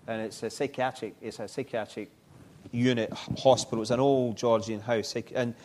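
A middle-aged man, telling his life story in an interview, halting and reflective with frequent restarts. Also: mid-range voice, fairly even intonation, darkish tone. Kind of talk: personal testimony in an interview.

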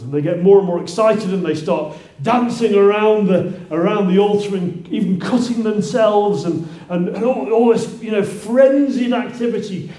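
A man's voice: high-pitched, warm tone. A man preaching a sermon in a church. He talks conversationally, restarts often and rises into exclamations. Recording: roomy echo.

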